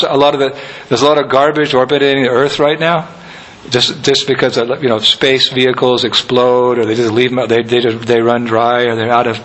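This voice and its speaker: A man giving a conversational sermon as a spiritual teacher, telling anecdotes with soft laughs. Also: mid-range voice, poor audio.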